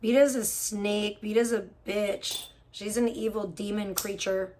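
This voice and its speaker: A woman's voice: medium pitch, fairly even intonation, measured pace, a little mellow. A woman livestreamer in casual talk, profane and gossipy, venting at length about other streamers.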